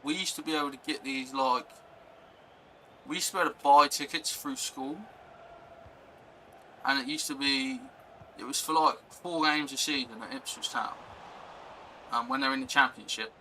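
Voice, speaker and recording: A man's voice: medium pitch, normal speed, pauses often, bright, forceful tone, a little hiss or hum, low-quality recording. A young man chatting casually on a live stream, rambling and reacting to chat and gameplay.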